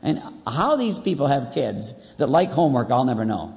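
A man's voice: medium pitch, very animated, normal speed, vocal fry, a little mellow. A man preaching a sermon in a wry, conversational way, often repeating his key phrases. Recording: dull lo-fi audio with long hall reverb.

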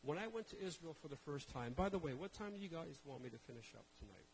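A Canadian man preaching a sermon, joking and telling stories in an animated way. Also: on the high side, fast talker, slight background noise, poor audio. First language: Portuguese. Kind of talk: humorous sermon.

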